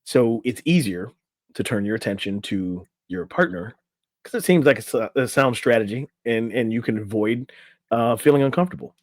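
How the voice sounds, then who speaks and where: A man's voice: medium pitch, animated, moderate pace, no echo. Chatty male coach on a dry mic. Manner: loose and chatty, reads from an article with asides. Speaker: podcast co-host, relationship coach. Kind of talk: casual podcast chat. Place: in a room on camera.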